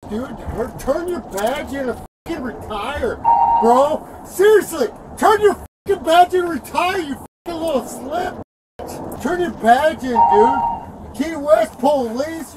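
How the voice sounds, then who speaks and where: An agitated man rants and yells repetitive, profane threats from the back seat of a patrol car. His voice rides high and strained. The body-cam audio picks him up from a distance, with heavy noise around him. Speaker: arrested suspect. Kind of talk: profane shouting rant. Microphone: officer's body camera.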